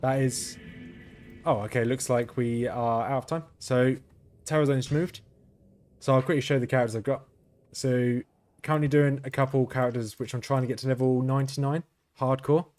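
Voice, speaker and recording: A gaming video host with a mid-range voice gives casual gameplay commentary at normal speed, with faint music behind him. His delivery is flat and monotone; he rambles, corrects himself, and chuckles occasionally.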